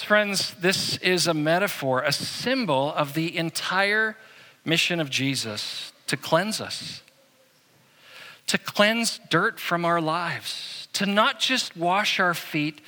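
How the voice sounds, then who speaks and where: A man's voice: fairly high pitch, sharp tone, big-room sound. A man preaching a sermon as pastor, telling stories in a conversational, humorous way.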